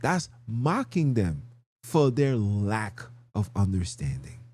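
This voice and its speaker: A man hosts a live podcast in a husky voice that sits a little low. His delivery is preachy and argumentative, with slang and a string of rhetorical questions. His pitch swings widely as he presses his points. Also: sing-song, slow pace, darkish tone. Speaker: podcast host. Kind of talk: livestream podcast monologue.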